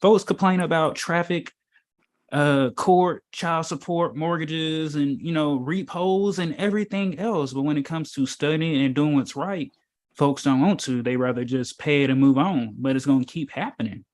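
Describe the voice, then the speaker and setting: A man with a fairly high-pitched voice and a darkish tone talks at normal speed. Acting as a spiritual teacher at an informal meetup, he gives a casual, preachy talk. He rambles and gets emphatic, using lots of fillers and rhetorical questions.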